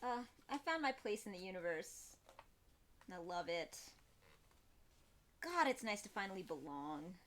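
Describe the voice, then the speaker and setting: A young woman streaming live, chatting in a rambling, expressive way to her viewers. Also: medium pitch, unhurried, long pauses, slight background noise. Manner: chatty, rambling and expressive, with laughs and quoted voices. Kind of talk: casual live-stream chat.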